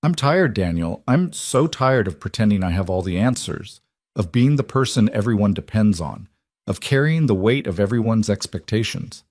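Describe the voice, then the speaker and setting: A man's voice: fairly low pitch, animated, normal speed, a little mellow, no echo, clean studio sound. A man voicing a weary, exhausted woman executive with a strained, pleading manner.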